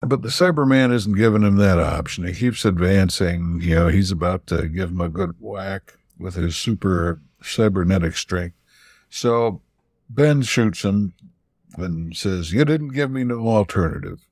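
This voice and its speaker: A man's voice: low voice, measured pace, darkish tone, dry recording, studio quality. A man co-hosting a podcast in casual chat, retelling scenes and quoting the dialogue. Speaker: podcast co-host.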